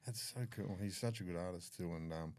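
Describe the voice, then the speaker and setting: A man's voice: low-pitched, brisk, a little mellow, no room sound, clean studio sound. A middle-aged Australian man telling profane, laughing stories as a podcast guest. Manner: profane, laughing yarn-spinner. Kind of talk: casual storytelling.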